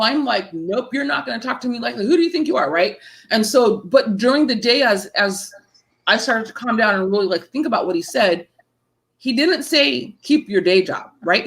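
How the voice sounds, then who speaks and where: A woman's voice: mid-range voice, poor audio. A woman in her thirties, a horror author, telling stories casually in an interview and acting out the people she quotes. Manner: animated storyteller, acts out quoted voices.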